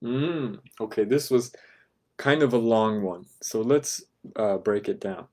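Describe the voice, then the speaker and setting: A man teaching a class, patiently breaking phrases down step by step and checking in with "right?", sometimes dropping to a soft, quiet voice. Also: on the low side, measured pace. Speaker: language teacher. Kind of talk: explaining a lesson to a class.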